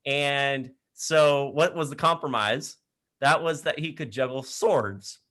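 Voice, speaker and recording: A man speaking in an online session from his laptop mic, telling an animated story to high school students with frequent laughter. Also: slow pace. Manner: energetic, animated storyteller who laughs often. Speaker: leadership program speaker.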